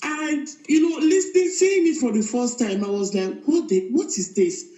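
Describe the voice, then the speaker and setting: Caller: woman, animated and laughing, mellow tone, echoey phone line. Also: high-pitched, normal speed. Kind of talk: phone-in testimony. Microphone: phone call played into the room.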